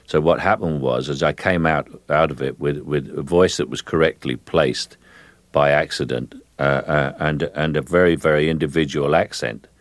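A middle-aged man with a Cockney accent, a guest in a radio interview, talking in a halting way with many fillers and restarts. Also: a bass voice, no echo. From England.

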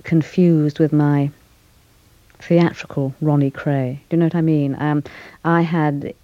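An older woman talks through her acting work in an interview, pausing and restarting as she gathers her thoughts. Her voice is mellow and warm, recorded close and dry with a slightly dull, lo-fi radio tone. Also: low voice, fairly even intonation, dry recording. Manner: thoughtful, hesitant, with frequent fillers and restarts. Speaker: actress, interview guest. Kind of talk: reflective interview conversation.

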